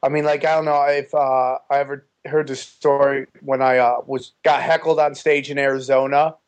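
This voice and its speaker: A comedian telling a story in casual chat, animated and profane, acting out the people in it. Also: male voice, mid-range voice, normal speed. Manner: animated, profane, acts out the voices in his stories. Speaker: stand-up comedian, guest.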